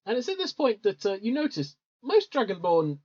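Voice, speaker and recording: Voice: medium pitch, huge pitch swings, a little mellow. Laid back gm narrating a tabletop game, lots of ums, dull lo-fi recording. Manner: easygoing, many ums and pauses. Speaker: game master.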